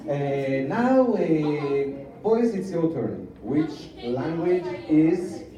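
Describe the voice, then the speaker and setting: A woman's voice: low voice, sing-song, extremely slow, mellow, muffled recording. A woman leading a music class in a language guessing game, teasing the pupils in a playful way. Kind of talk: classroom language quiz with songs. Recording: echoey room, mic far off.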